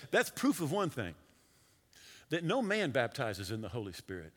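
A bright, fairly high-voiced male pastor preaching with lively, swooping delivery. His voice is a little husky and rings out in a large reverberant hall. He tells stories in quick swings between loud and hushed. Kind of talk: sermon.

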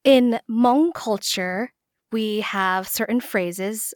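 A woman's voice: medium pitch, steady tone, slow pace, dry recording, studio quality. A woman co-hosting a podcast in casual chat, explaining things with examples. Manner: explanatory, brings up examples and clips. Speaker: podcast co-host.

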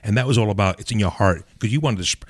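A man's voice: lowish voice, rapid-fire. A male podcast host in a casual interview, interjecting with encouraging, upbeat remarks.

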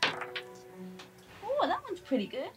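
A woman's voice: very high voice, wildly swooping pitch, drawn-out words, music in the background. A woman playing a tabletop game, giving brief upbeat replies on a distant, noisy mic. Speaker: player.

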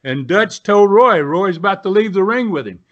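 An ex-pro wrestler from the United States, now in his 70s, sits in as a guest and rambles through casual, folksy stories, stopping to restart and leaning on fillers. His high-pitched voice is animated and moves at normal speed, on a dull lo-fi recording.

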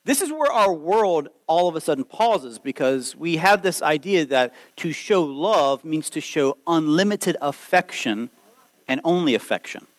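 Animated high-voiced preaching man. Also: unhurried, low-quality recording. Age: 30s. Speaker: pastor. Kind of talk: sermon.

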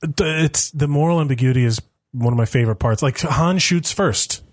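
Excitable podcast host, stammering. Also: male voice, fairly high pitch, moderate pace, no echo, clean studio sound. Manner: excitable, stammering, swears casually. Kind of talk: casual chat.

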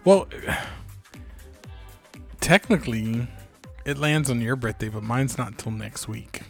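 A man's voice: medium pitch, slow pace, creaky, soft background music. A man in his forties co-hosting a podcast in casual chat, with dry, self-deprecating humor. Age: 40s. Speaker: podcast co-host.

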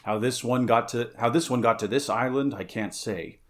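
A man's voice: mid-range voice, normal speed, natural voice. A man voicing a weary, blunt barbarian warrior in a read-aloud story, grunting his lines. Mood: gruff.

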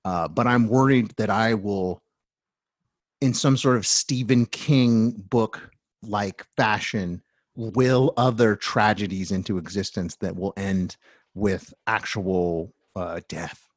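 A man telling a long story in casual, animated chat, swearing often and restarting his sentences. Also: fairly low pitch, takes it slowly, no echo, studio quality. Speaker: storyteller in a talk.

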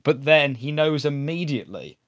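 A man's voice: fairly high pitch, no room sound, clean studio sound. A man co-hosting a podcast, chatting casually and animatedly about a sitcom episode, often quoting lines. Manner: chatty, animated, quick asides and quoted lines. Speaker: podcast co-host.

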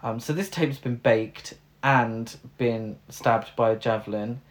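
A man's voice: mid-range voice, takes it slowly. A man co-hosting a podcast, recapping a film in a wry, joking way with frequent fillers. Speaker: podcast co-host. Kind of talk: casual film recap chat.

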